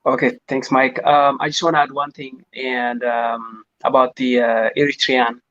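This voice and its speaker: Slow, hesitant man on dull audio. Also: medium pitch, flat delivery, a bit bright, no echo. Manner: hesitant, many fillers. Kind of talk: casual talk show discussion.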